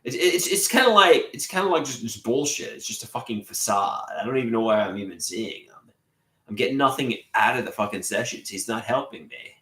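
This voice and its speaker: A man's voice: medium pitch, expressive, a little fast, pushed and bright, echoey room. A man livestreaming from his room at home, rambling and swearing, often repeating himself. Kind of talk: rambling live stream monologue.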